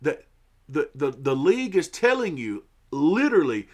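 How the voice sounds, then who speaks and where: A man's voice: fairly high pitch, sing-song, normal speed. A man ranting about sports in an irritated, profane way, stumbling over and repeating his words. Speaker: sports commentary vlogger. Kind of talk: ranting opinion monologue.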